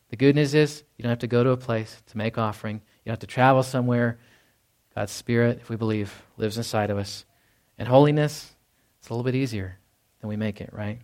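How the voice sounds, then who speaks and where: Conversational man preaching a sermon. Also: medium pitch. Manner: conversational, with many restarts and acted-out quotes. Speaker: pastor.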